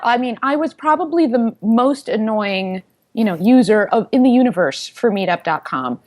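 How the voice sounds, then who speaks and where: Founder guest, woman in her thirties, lively storyteller with a slightly high voice. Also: normal speed. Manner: animated storyteller who acts out quoted voices. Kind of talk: storytelling in an interview.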